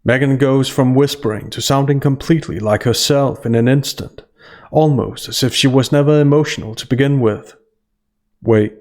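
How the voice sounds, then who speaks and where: A man's voice: medium pitch, moderate pace, a little mellow. A man giving a scripted analytical voice-over in a dry, sarcastic manner. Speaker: commentary channel host.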